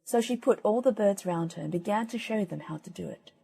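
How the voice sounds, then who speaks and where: A woman reading old fairy tales aloud as an audiobook narrator, gentle and measured. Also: mid-range voice, vocal fry, husky. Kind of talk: storybook reading.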